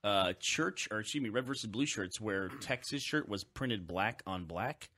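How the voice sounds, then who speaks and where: A man's voice: fairly low pitch, animated, moderate pace, pushed and bright. A young man co-hosting a podcast, telling a rowdy college story in casual chat, laughing often and swearing freely. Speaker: podcast co-host.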